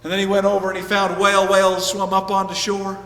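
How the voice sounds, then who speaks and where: Brief: lively male storyteller, high-pitched, heard from afar in a reverberant hall. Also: fast talker. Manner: lively, playful, shifting voices for characters. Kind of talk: animated folk tale storytelling. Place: festival stage. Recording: echoey hall, mic at a distance.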